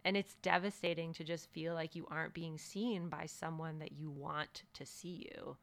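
A woman's voice: sits low, steady tone, moderate pace, creaky, a bit bright. A woman co-hosting a podcast, talking reflectively in casual chat and laughing often. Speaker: podcast co-host.

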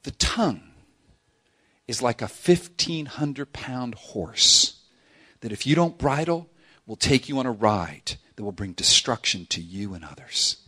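Casting note: middle-aged male pastor, lively and humorous sermon delivery, bright, ringing voice, pitch swinging widely. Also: a little slow, breathy edge. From South Florida. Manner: animated, humorous, acts out quoted voices. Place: church sanctuary with congregation.

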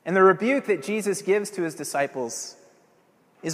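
Pitched a touch high for a man and fairly bright in tone, a preacher delivers an animated evening sermon at normal speed. He pushes his points with earnest emphasis and rhetorical questions. Long reverb hangs after each line, suggesting a church hall.

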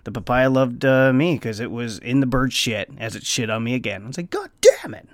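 A man casually telling a story on his vlog. He swears freely and breaks into squeaky bird noises. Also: steady tone, a little fast, dry recording. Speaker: vlogger.

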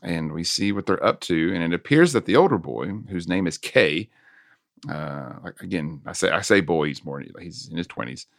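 Low gravelly man recapping a film. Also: normal speed, dry recording, clean studio sound. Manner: relaxed recapping with fillers and laughs. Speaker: podcast host.

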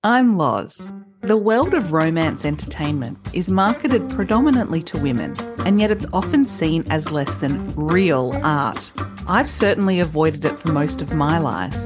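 A woman's voice: low-pitched, expressive, measured pace. Woman reading a podcast intro over music. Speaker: podcast co-host. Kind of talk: scripted show intro.

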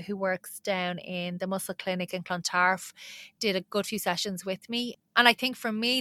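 An Irish woman talks through a personal story on her podcast, candid and animated, often laughing at herself. Her voice is bright and forward, and the recording is close and dry with no room sound. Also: mid-range voice, dry recording. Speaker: podcast host.

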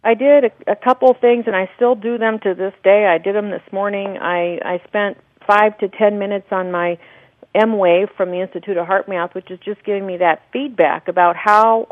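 A woman calls into a radio show as a guest and explains her spiritual practice in an earnest, flowing way, laughing now and then. Her voice comes through a thin, narrow phone line with no room sound, at a middle pitch. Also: steady tone, normal speed, no room sound. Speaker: guest, documentary producer and spiritual teacher. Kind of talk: radio interview.

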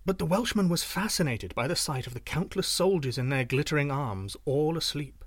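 Male storyteller, scripted narration, slightly high voice, dry close sound. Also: expressive, moderate pace, husky, dry recording.

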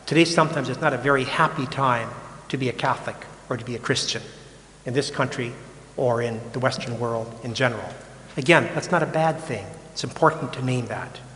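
A man's voice: mid-range voice, a little fast, a bit bright. Older male priest, conversational sermon, frank and offhand, long reverb of a big hall. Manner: casual, frank, repeats words, mocks complaints.

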